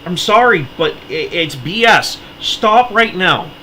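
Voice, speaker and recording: A man's voice: sits high, expressive, slow pace, sharp tone, slight background noise, poor audio. An American man delivering an impassioned political monologue, heated and pleading, his voice cracking as he gets worked up. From United States. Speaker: political commentator.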